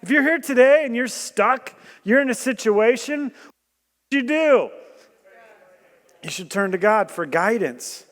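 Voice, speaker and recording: High-voiced man preaching in a reverberant hall. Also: a little slow, long pauses. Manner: animated storytelling with jokes and rhetorical questions; bursts into loud emphasis. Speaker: guest preacher. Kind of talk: sermon. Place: church hall. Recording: long church hall reverb.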